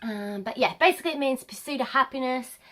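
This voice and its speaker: Young woman vlogger, slightly high voice, chatty and rambling, filler-heavy, camera mic at home. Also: fast, fairly bright tone. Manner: chatty, rambling, many ums. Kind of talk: casual talk to camera.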